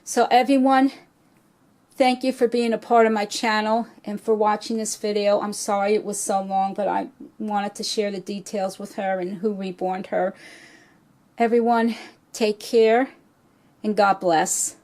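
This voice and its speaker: Slow, heartfelt middle-aged woman. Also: mid-range voice, flat delivery, darkish tone. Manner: slow, heartfelt, a little choked up. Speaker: reborn doll artist and channel host. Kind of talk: casual vlog storytelling.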